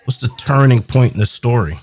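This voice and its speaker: A man hosting a casual livestream, reading out questions in a brisk, matter-of-fact way. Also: medium pitch, animated, darkish tone, dry recording, clean studio sound.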